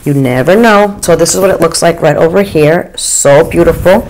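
A woman in her forties or fifties chatting through a makeup routine, gushing with frequent excited oohs. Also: low-pitched, moderate pace, slight background noise, poor audio. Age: 40s or 50s. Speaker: beauty vlogger. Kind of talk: casual makeup get-ready-with-me chat.

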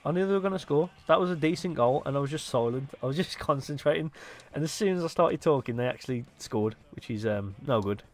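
A young man giving excitable live commentary on his own football video game match, dropping to low mutters between sudden loud outbursts. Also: fast talker, faint music behind. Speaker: gaming YouTuber.

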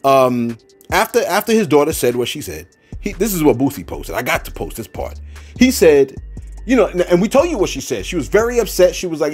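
A man's voice: a little high, very animated, brisk, husky, soft background music. A man giving casual celebrity news commentary, rambling with frequent restarts and asides to his viewers.

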